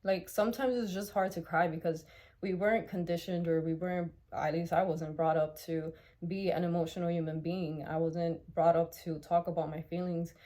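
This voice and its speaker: A young woman speaks straight to her viewers in a personal vlog, raw and heartfelt, with frequent restarts and casual swearing. Her voice is low-set and mellow. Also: fairly even intonation, moderate pace. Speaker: vlogger. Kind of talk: candid personal vlog talk.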